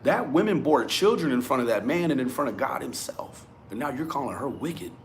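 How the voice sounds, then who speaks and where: A man giving a profane, animated rant to his viewers. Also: medium pitch, a little fast, a little hiss or hum. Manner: animated, swearing, talks straight at viewers. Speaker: commentary vlogger. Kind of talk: profane ranting commentary.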